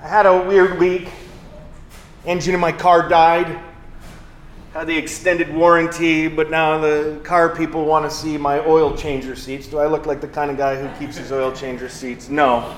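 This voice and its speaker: Male pastor, sermon, conversational, self-mocking, slightly high voice, roomy church echo. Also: level tone, normal speed, a little hiss or hum.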